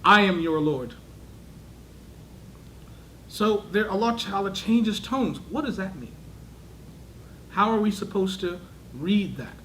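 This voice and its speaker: A man's voice: sits high, a bit bright, slight background noise, low-quality recording. A man lecturing a class, asking the students questions and acting out voices to show how tone changes meaning. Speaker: teacher of a class.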